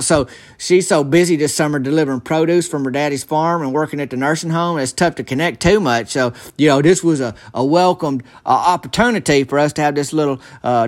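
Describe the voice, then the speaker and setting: A young man telling a rambling comic story in a folksy, halting way, full of restarts. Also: on the high side.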